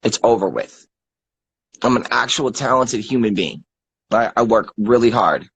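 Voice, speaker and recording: A man's voice: medium pitch, lively intonation, unhurried, creaky, slightly rough, no room sound, poor audio. An angry man in his thirties ranting with lots of swearing and stammered repeats. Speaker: guest. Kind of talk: angry rant.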